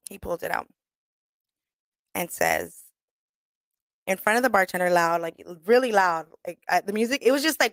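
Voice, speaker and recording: A woman's voice: mid-range voice, no room sound. Brief: outspoken woman radio host, swears freely, dry studio sound, mid-range voice. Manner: blunt, profane and animated, acts out quoted voices. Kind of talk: candid storytelling monologue. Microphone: studio microphone.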